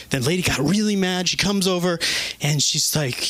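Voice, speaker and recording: Guy doing stand-up, kinda high voice, stop-start delivery, dry sound. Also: a bit bright, no echo. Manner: halting, hesitant delivery with many restarts. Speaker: stand-up comedian. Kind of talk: open-mic stand-up set. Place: comedy club stage.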